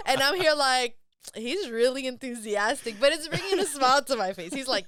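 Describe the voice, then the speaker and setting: A woman's voice: a little high, animated, moderate pace, a bit bright, clear, resonant tone, dry recording, clean studio sound. Bubbly young woman chatting on a podcast. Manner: bubbly, laughs often, acts out quotes. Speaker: podcast co-host. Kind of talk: casual podcast chat. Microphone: studio podcast mic.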